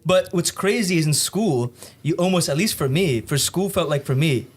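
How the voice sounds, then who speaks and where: A young man hosting a podcast, chatting casually and swearing freely as he tells animated stories. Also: a little high, moderate pace, husky. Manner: profane, storytelling, animated.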